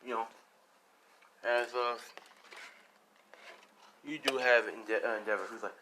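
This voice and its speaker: A man's voice: medium pitch, fairly even intonation, takes it slowly. A man telling a fan story in a loose, rambling way, packed with fillers and swear words. His voice sits in an ordinary middle range, with a faint hiss behind it. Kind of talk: casual retelling of a fan story.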